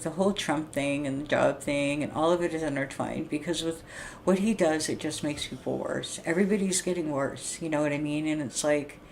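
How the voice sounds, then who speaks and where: Low-voiced middle-aged woman venting bluntly. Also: darkish tone, slight background noise. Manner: blunt, profane, rambling rant. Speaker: livestreamer. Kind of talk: casual venting monologue.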